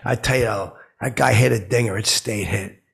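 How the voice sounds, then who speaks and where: A man playing a clueless, brash comic who rambles through stories with loud outbursts when he quotes himself. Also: fairly low pitch, fairly even intonation, moderate pace, heavily acted. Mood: rambling. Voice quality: gravelly, husky voice. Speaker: comedy podcast host in character. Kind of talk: rambling comic storytelling monologue.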